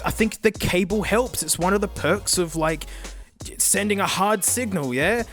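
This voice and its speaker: A man's voice: high voice, lively intonation, unhurried, fairly bright tone, faint music behind. An Australian man reviewing earbuds in a blunt, joking, casual way, often saying mate. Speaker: headphone reviewer.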